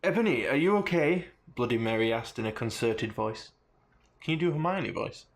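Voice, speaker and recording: A man's voice: mid-range voice, expressive, moderate pace. A man co-hosting a podcast, reading a text aloud for comedy and often breaking into giggles. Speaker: podcast co-host.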